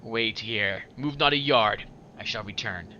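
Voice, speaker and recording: A man voicing a sly, scheming man on a crutch, talking slow, oily and threatening. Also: fairly low pitch, pushed and bright, highs cut off, slight background noise. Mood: testy.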